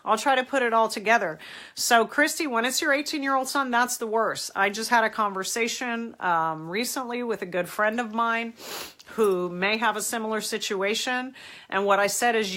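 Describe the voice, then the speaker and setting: An American woman hosting a live-stream advice talk, speaking in an animated, emphatic way and addressing her viewers directly. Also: mid-range voice, moderate pace. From United States. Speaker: host.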